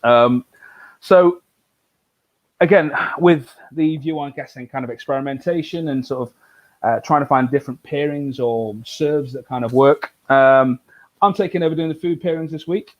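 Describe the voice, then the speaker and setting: A man hosting a casual live whisky tasting, talking in a relaxed, rambling way with many fillers and restarts. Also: a little high, moderate pace, dull audio. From United Kingdom.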